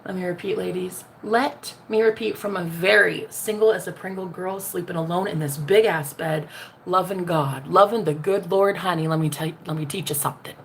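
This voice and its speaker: A woman's voice: lowish voice, steady tone, normal speed, vocal fry, slight background noise. A woman in a casual spiritual vlog, talking sassily and directly to viewers, calling them honey and laughing often. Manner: sassy, talks straight to the viewer, calls them honey; laughs often, jumps between loud and hushed. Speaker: vlogger.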